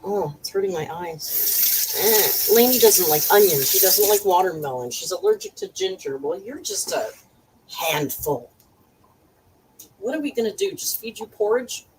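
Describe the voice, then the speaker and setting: A woman's voice: medium pitch, lively intonation, normal speed, a little mellow. Chatty woman cooking in a noisy kitchen. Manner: chatty, wry asides to viewers. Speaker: cooking channel host. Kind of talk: casual chatty cooking vlog. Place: home kitchen. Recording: distant mic, noisy kitchen.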